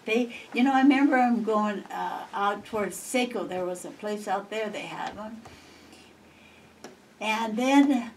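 Rambling older woman telling stories. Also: mid-range voice. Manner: chatty and rambling, laughing often. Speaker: interviewee. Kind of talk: reminiscing storytelling. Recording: distant mic, faint background noise.

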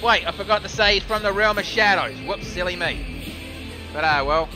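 A man giving live play-by-play commentary on a simulated wrestling show, excitable and joking, swearing casually. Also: high-pitched, normal speed. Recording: music playing behind.

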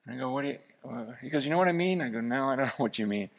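A man preaching a sermon, telling a story with lively energy that rises to shouts. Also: medium pitch, rapid-fire. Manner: storytelling, animated, rising to shouts. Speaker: pastor.

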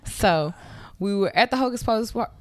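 A woman's voice: medium pitch, normal speed, no room sound. A young woman chatting on a podcast. Her voice swings up and down a lot as she tells the story and plays each person in it. The sound is close and dry. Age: young adult. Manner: animated, acts out quoted voices, laughs often. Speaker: podcast host. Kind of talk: casual storytelling chat. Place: Atlanta.

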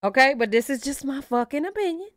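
A woman hosting a reaction channel, giving blunt, profane, animated opinions in casual commentary. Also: sits high, fast, no room sound, clean studio sound.

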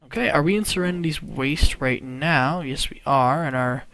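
A let's play gamer commentating excitedly, laughing and yelling at enemies. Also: mid-range voice, normal speed. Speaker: game player. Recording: gameplay audio behind.

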